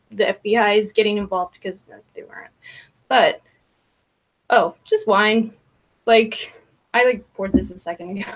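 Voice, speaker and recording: A woman hosting a casual livestream, rambling about online gossip with frequent laughter, swearing and filler words. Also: a little high.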